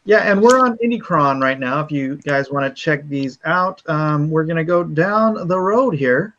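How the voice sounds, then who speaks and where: A man hosting a casual livestream, chatty and relaxed, laughing often. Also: a little high, moderate pace. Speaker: livestream host. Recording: dull lo-fi stream audio.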